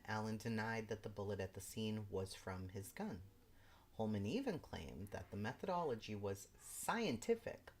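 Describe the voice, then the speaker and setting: On a live stream, a woman host with a bass voice reads a legal brief aloud, stopping now and then for exasperated, incredulous asides. A slight hiss or hum sits under the audio.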